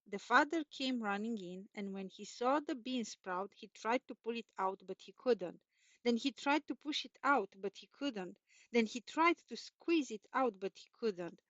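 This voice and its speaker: A woman's voice: a little high, normal speed, fairly bright tone, dry recording. Woman storyteller, children's story reading, lilting repetitive telling, dry close sound, muffled. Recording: dull, dry recording.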